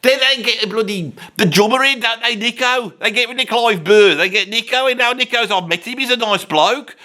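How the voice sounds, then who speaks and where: A man's voice: extremely high pitch, a little fast, pushed and bright. A man playing a grumpy Birmingham rock veteran in his sixties, with a Birmingham accent, rambling, swearing constantly and grumbling in a comic rant. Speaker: comedy character.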